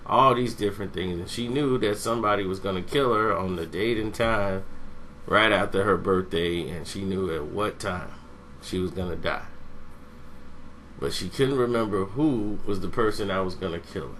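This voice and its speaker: A man giving a casual, rambling movie review, meandering and pausing to search for names. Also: low-pitched, a bit bright, slight background noise.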